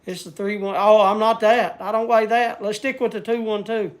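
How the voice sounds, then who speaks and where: A man's voice: sits high, little pitch movement, moderate pace. A man chatting casually on a livestream, rambling and searching for words. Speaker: vlogger.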